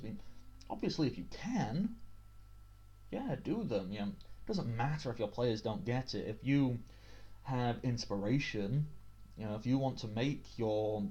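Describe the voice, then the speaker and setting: A man's voice: mid-range voice, warm tone. A British man giving tabletop game master tips in a chatty, self-deprecating way, on a dull lo-fi recording. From Britain. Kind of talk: casual tips video.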